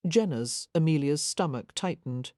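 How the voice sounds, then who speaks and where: An audiobook narrator, a woman with a low voice, reads a scripted story in a measured, even manner. The recording is dry and of studio quality.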